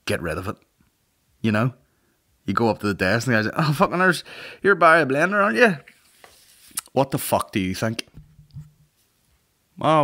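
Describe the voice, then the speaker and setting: A man's voice: lowish voice, a bit bright. A man in his thirties hosting a comedy podcast, rambling and swearing in a boisterous casual monologue. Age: 30s. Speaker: podcast host.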